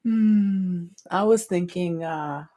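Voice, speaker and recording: A woman's voice: fairly low pitch, slow, dark tone. A woman co-hosting a casual radio show, playful and giggly, teasing her co-host and the listeners. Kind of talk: casual chat.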